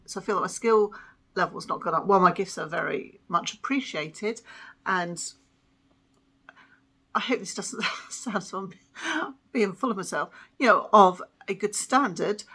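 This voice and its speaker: Chatty gravelly-voiced woman. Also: medium pitch, measured pace, long pauses, sharp tone. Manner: chatty, self-deprecating, many ums and giggles. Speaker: crafting podcast host. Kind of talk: casual chatty vlog.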